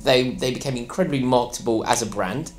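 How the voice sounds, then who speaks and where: A man's voice: medium pitch, quick pace, a little hiss or hum. A man, a guest on a football podcast, blunt and opinionated and given to rants. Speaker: podcast guest, fan channel host. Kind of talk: casual football podcast chat.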